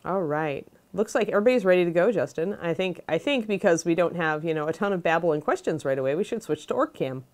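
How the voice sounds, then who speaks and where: A woman's voice: on the low side, expressive, fast talker, few pauses, a little mellow. A woman casually hosting a livestream, chatting and greeting viewers by name. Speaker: host of a miniature painting livestream.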